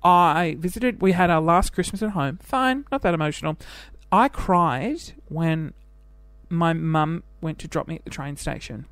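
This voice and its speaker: A man's voice: on the high side, lively intonation, a little slow, a bit bright, no echo. A man in his twenties with an Australian accent, hosting a casual solo podcast, chatty and self-deprecating as he jumps from one topic to the next. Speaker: podcast host.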